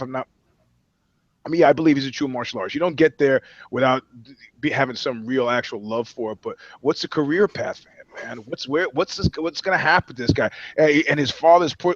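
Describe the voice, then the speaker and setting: A man's voice: medium pitch, no room sound, lo-fi sound. A man co-hosting a comedy podcast, rambling through profane, joking riffs. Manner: rambling, profane, riffing with voices and jokes. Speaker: podcast co-host. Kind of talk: casual comedic chat.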